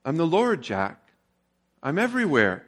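A man voicing God as a calm, wry figure who speaks slowly and quietly to a man in trouble. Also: a little high, heavily acted. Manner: calm and unhurried.

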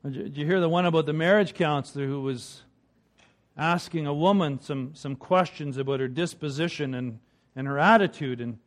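High-voiced man preaching a chatty sermon. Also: moderate pace. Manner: conversational, repeats words when starting phrases, chuckles between points.

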